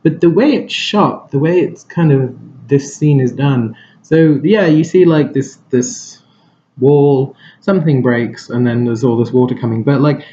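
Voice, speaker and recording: Rambling mellow-voiced man reviewing a film. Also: medium pitch, a little slow, highs cut off, slight background noise. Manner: rambling, hesitant, many fillers and restarts.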